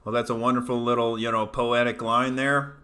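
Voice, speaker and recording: A man's voice: medium pitch, little pitch movement, fairly quick, bright, forceful tone. A male comedian from Oklahoma hosting a casual livestream, sarcastic and self-mocking, swearing freely. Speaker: comedian and show host. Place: home studio apartment.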